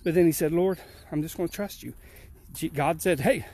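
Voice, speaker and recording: A man's voice: on the high side, fairly even intonation, fairly quick, mellow. A man giving a devotional message as a pastor while walking uphill outdoors, slightly out of breath, with an earnest, repetitive preaching rhythm. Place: outdoors on a rural hill.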